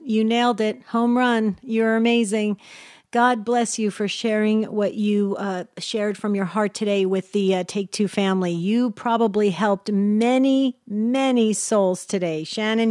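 A woman's voice: medium pitch, darkish tone, no echo. Effusive woman radio host, dry sound. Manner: enthusiastic, effusive praise. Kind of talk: call-in radio hosting.

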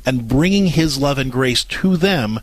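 Animated male radio advice host. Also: mid-range voice, dry recording. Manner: animated, fast, repeats words when starting sentences. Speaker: radio show host, parenting advisor. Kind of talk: advice call-in radio talk.

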